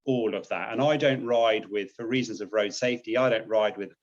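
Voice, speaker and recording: A man's voice: on the low side, a little fast, dull audio. A British man, a naval officer, chatting casually and upbeat in an interview, laughing often. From Britain. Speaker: guest, naval officer and charity cyclist.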